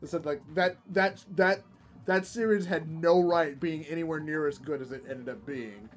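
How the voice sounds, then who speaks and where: A man streams while playing a game, chatting casually and rambling with many fillers and restarts. His voice is a little high at a moderate pace, with faint music in the background.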